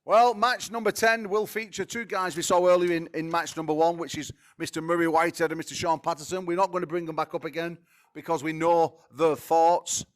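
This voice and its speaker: A man promoting fights at a press conference, excitable, swearing and stumbling over repeated words. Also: on the high side, a little fast.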